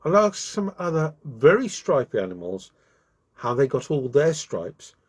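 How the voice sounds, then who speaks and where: A man's voice: fairly high pitch, sing-song, measured pace, husky, full character voice. A man voicing a vain, eager young male bee in a children's storybook who keeps politely apologising.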